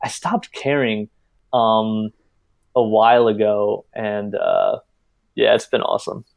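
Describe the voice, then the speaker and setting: Low-voiced young man, easygoing chat. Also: takes it slowly, vocal fry. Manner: relaxed, filler-heavy storytelling. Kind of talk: casual chat.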